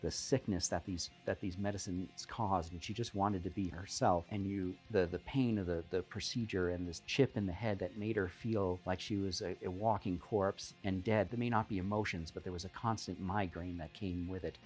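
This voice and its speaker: A man's voice: sits low, fairly even intonation, normal speed, hardly any pauses, soft background music. A man narrating as game master of a tabletop game, rambling and often restarting.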